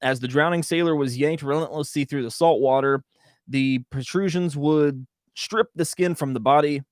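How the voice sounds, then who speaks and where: A man co-hosting a podcast, joking around and reading facts aloud in a steady explaining tone. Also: fairly high pitch, normal speed, no echo, studio quality. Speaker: podcast co-host.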